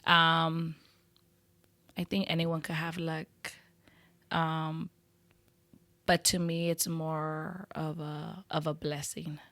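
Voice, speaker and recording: A woman's voice: deep voice, little pitch movement, takes it slowly, pauses often, a bit bright, dry recording. A woman business owner chatting in an interview, talkative and laughing often, with lots of "you know" fillers. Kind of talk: casual interview chat.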